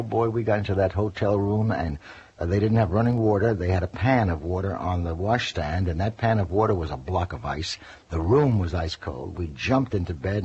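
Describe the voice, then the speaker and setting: An older man, a former news correspondent, telling lively anecdotes in an interview and acting out the quotes. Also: low voice, husky. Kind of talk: storytelling interview. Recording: dull lo-fi radio recording.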